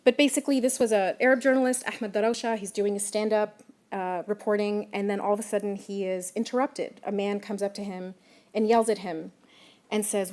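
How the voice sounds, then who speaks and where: A woman journalist giving a prepared public talk, measured and emphatic, stressing key words. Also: mid-range voice, fairly even intonation, darkish tone. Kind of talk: prepared lecture.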